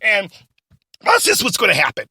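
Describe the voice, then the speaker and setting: A blustering loudmouth radio host, played by a man, stammering and ranting in a comedy skit. His bright voice leaps around in pitch. The recording is dry and close. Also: wildly swooping pitch, normal speed, husky, no echo, heavily acted. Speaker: radio talk show host.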